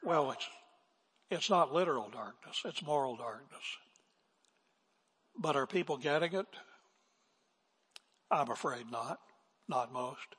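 Older male pastor, husky and unhurried, emphatic sermon delivery with sudden hushed drops, long hall reverb. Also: medium pitch, expressive. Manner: emphatic preaching, swinging from loud declarations to hushed asides.

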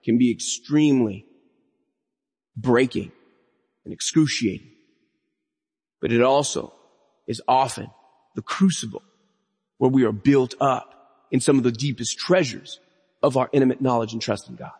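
Earnest preaching man, husky voice, big hall. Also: medium pitch, unhurried, pauses often, darkish tone. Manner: earnest, builds to emphatic raised lines. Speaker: pastor. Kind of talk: sermon. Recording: long reverb of a hall.

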